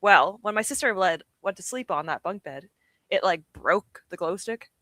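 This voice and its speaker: A woman's voice: medium pitch, animated, moderate pace, a bit bright, no echo. A young woman streamer chatting casually and giggling often, poking fun at herself. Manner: chatty, giggly, self-deprecating. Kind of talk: casual livestream chat.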